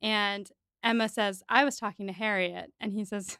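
Podcast host lady, super smooth clear voice, dry close sound, acts out the lines as she recaps. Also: mid-range voice, normal speed, dry recording. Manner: animated, quotes characters' lines in recap. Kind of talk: casual chat.

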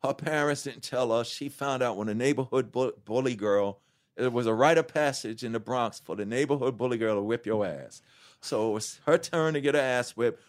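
A man, telling his story to an interviewer in an animated, profane way and acting out the quotes. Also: mid-range voice, normal speed. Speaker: guest.

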